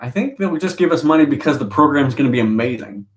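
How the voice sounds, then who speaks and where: A man who is a fitness trainer, co-hosting a casual live-stream chat in a rambling, halting way. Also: medium pitch, expressive.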